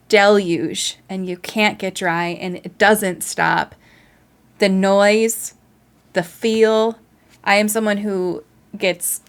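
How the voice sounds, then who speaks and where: A woman hosting a reaction video, talking casually in an earnest, emotional way and thinking aloud. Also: medium pitch.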